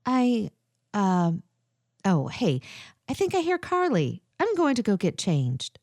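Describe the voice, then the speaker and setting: A nervous, self-doubting young woman , as a woman reads her in an audiobook. Her lively voice rises and falls a lot, and the dry recording has no room sound. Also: mid-range voice, slow, no echo, heavily acted. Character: young woman, anxious first-time undercover agent.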